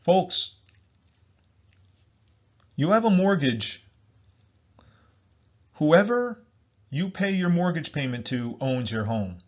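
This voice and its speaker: A man's voice: fairly high pitch, expressive, slow pace, long pauses. A man delivering an emphatic political monologue, repeating himself and calling his listeners folks. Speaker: commentator. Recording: dull lo-fi recording.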